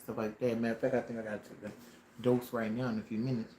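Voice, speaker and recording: A man telling a personal story on a casual livestream, dramatic and animated, with slang and sound effects. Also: mid-range voice, quick pace, a little hiss or hum. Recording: roomy echo with faint ambience.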